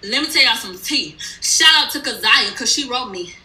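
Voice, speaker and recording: A woman's voice: fairly high pitch, animated, normal speed, bright, forceful tone, roomy sound, a little hiss or hum, rough recording. A woman recapping a reality show in a casual, blunt and heated way, swearing freely. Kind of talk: casual profane storytelling recap.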